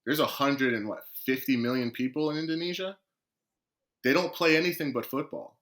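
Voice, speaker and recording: Bright-voiced man telling a lively story. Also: mid-range voice, fairly quick. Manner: lively storyteller, acts out quoted conversations. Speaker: guest, professional footballer. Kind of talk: storytelling in a podcast interview.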